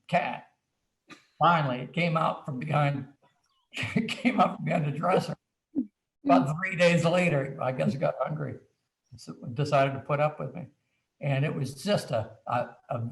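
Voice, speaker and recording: A man telling an animated story as a guest author, acting out little quoted asides as he goes. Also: on the high side, gravelly, echoey room. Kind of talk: anecdotal storytelling on a video chat.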